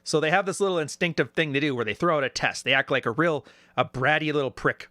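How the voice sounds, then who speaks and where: He's a YouTube commentator whose slightly high voice moves fast on a dry recording. Reacting to video clips, he stays casual, animated and sarcastic, regularly putting on mocking voices for quotes.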